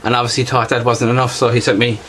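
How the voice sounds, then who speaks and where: A man's voice: mid-range voice, little pitch movement, fast talker, background noise. A man with a strong regional accent, chatting casually through an unboxing as a bushcraft vlogger and repeating himself often.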